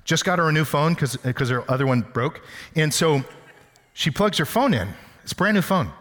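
A man's voice: on the high side, expressive, normal speed, fairly bright tone, in a large hall. A man preaching a sermon as pastor, conversational and teasing, with everyday examples. He often repeats words and restarts. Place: church sanctuary.

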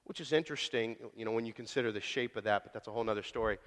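A man preaching a sermon in a casual, folksy way, telling the story with sudden loud swells and quiet drops. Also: lowish voice, racing. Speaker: pastor. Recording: long hall reverb.

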